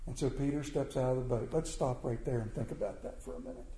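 A man's voice: a little high, expressive, quick pace, hardly any pauses, warm tone. A middle-aged man preaching a sermon in a folksy, plainspoken way, putting questions to his congregation. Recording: echoey room.

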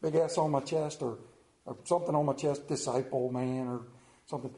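A man's voice: medium pitch, fairly even intonation, brisk, dark tone, echoey room, low-quality recording. A middle-aged male pastor preaching a sermon, telling stories with self-mocking humor.

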